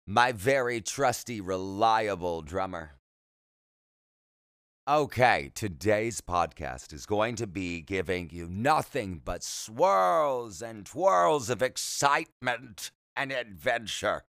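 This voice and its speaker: A man's voice: on the low side, lively intonation, slow pace, a bit bright, smooth, no echo. A man hosting a solo podcast, rambling in a chatty, self-deprecating way with jokey asides, speaking close to the mic. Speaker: podcast host.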